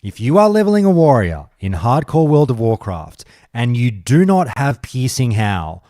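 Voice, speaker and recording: Male podcast host, mid pitch, heated ranter, dry close mic. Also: big pitch swings, moderate pace, dark tone, no echo. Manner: ranting, swears a lot, gets heated. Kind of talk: casual podcast chat.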